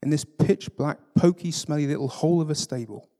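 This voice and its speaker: A man's voice: medium pitch, fairly even intonation, fairly quick, natural voice. A man doing a surly scornful dwarf. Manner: gruff and scornful, loud. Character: surly grumbling male dwarf.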